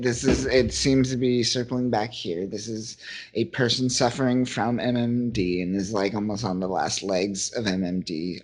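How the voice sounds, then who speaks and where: A man co-hosting a podcast, casually recapping a comic in a rambling, profane way and quoting the characters as he goes. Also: on the low side. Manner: rambling, profane, recaps scenes with quoted voices. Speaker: podcast co-host. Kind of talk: casual comic book chat.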